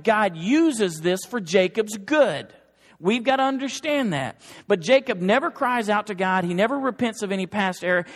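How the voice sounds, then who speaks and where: High-voiced preacher in an echoing hall. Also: male voice. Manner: earnest, emphatic, builds to forceful exhortation. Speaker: pastor. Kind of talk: sermon. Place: church sanctuary.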